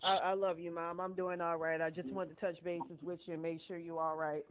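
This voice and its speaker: A woman's voice: fairly low pitch, flat delivery, fairly quick. Hesitant woman in her late thirties on a tinny phone line. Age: late 30s. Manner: hesitant, stammering, soft-spoken. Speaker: channel owner on a phone call. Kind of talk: phone conversation.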